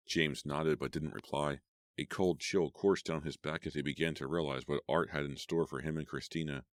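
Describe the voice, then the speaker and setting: A man narrating a horror audiobook in a steady, measured storytelling voice. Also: very deep voice, no echo, studio quality.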